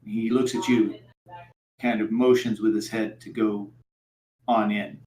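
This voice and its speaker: A man narrating as game master for a tabletop game, in a halting style full of fillers. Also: lowish voice, level tone, darkish tone, roomy sound.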